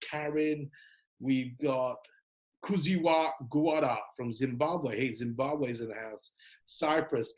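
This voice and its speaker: Male host, mid pitch, chatty upbeat coaching-call voice with plenty of ums, video-call sound. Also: rough recording. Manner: casual upbeat greetings, many fillers.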